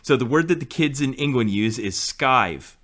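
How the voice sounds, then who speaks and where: A man's voice: medium pitch, lively intonation, normal speed, a bit bright. A man in his forties, co-hosting a podcast in casual chat and explaining things in a storytelling way. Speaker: podcast co-host.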